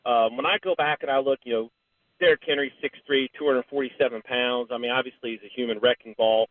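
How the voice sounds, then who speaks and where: A man's voice: mid-range voice, steady tone, fast talker, no room sound. A man calling into a sports radio show, earnestly laying out his analysis with frequent fillers. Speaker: caller. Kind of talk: call-in sports opinion. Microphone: phone. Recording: tinny phone line.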